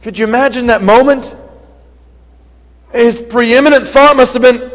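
A man preaching a sermon in an earnest manner that rises to forceful emphasis. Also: extremely high pitch, fairly even intonation, a little slow, pauses often, big-room sound, low-quality recording.

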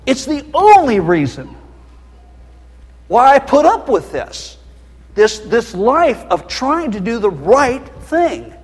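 Man, middle-aged, preacher, passionate sermon, high lively voice, long hall reverb. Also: slow, slightly rough. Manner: passionate, emotional, voice rising to a shrill pitch.

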